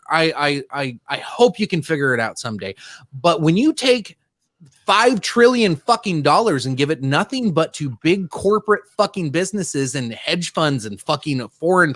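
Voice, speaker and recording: A man co-hosting a casual podcast, ranting and swearing freely. His voice is a little high and swings widely in pitch. The recording is dry and close. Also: no room sound. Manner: profane, ranting, animated. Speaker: podcast co-host. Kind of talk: casual political podcast chat.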